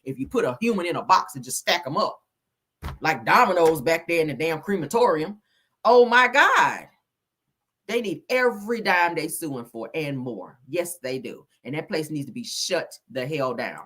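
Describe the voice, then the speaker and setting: A woman's voice: deep voice, expressive, moderate pace, a bit bright, husky. A woman hosting a casual news commentary stream, emphatic and blunt, swearing freely and calling her viewers honey and child.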